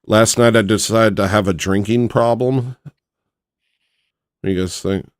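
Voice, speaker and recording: A man hosting a livestream in casual banter, deadpan and mumbling with fillers. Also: fairly low pitch, a little slow, dry recording, clean studio sound. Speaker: livestream host.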